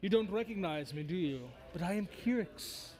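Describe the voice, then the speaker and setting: A man's voice: sits high, moderate pace, a little mellow, close to an everyday voice. A man voicing a sly, mock-polite bone devil who trades in contracts. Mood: smug. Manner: silky, mock-courteous.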